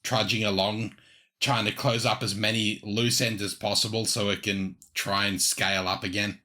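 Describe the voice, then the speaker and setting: A man's voice: fairly low pitch, flat delivery, normal speed, sharp tone. A man co-hosting a podcast in easygoing casual chat who chuckles often. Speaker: podcast co-host.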